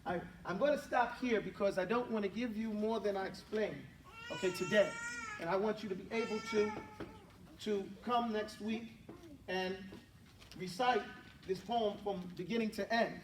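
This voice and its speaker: A man's voice: high voice, fairly even intonation, distant mic, a little hiss or hum. A man teaching a Quran class, correcting pronunciation and having students repeat sounds after him again and again. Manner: corrective, repeats drills and models sounds slowly. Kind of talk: classroom recitation and pronunciation drill. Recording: echoey classroom from afar with class audible.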